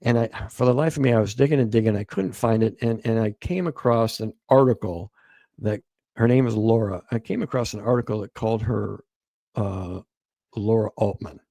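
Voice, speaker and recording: A man recounting events as a guest, halting and repeating words as he quotes what others told him. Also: fairly low pitch, vocal fry, warm tone, dry recording. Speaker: guest author. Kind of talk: storytelling interview.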